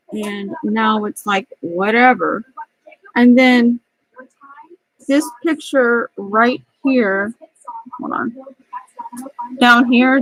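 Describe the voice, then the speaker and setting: A woman's voice: fairly high pitch, no echo, rough recording. A middle-aged woman telling a rambling, angry story about work in a vlog. She is close to tears and often restarts her sentences. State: near tears. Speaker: vlogger.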